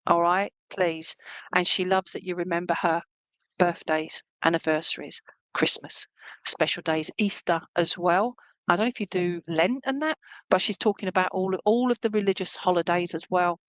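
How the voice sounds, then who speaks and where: A woman's voice: on the low side, no echo, low-quality recording. A woman giving an online clairvoyant reading as a medium, chatty and reassuring, often checking in with her listener. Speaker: spiritualist medium.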